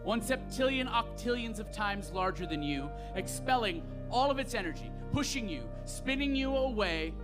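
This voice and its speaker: A man performing spoken word poetry live on a festival stage, with rhythmic delivery and pointed pauses, into a stage microphone. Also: high voice, lively intonation, over music.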